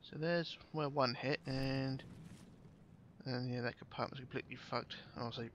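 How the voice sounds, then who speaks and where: A man's voice: mid-range voice, steady tone, measured pace, fairly bright tone, dull audio, a little hiss or hum. A man giving casual, chatty commentary while playing a game, swearing now and then and thinking aloud. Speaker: gameplay commentator.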